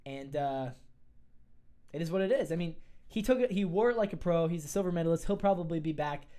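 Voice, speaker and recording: A sports podcast host giving casual, opinionated commentary in quick bursts, often restarting sentences. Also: medium pitch, mellow.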